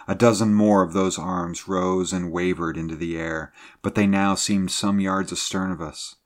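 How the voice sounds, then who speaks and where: A man reading an adventure story aloud as a narrator, measured and building drama at tense moments. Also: low voice, fairly even intonation. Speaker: audiobook narrator.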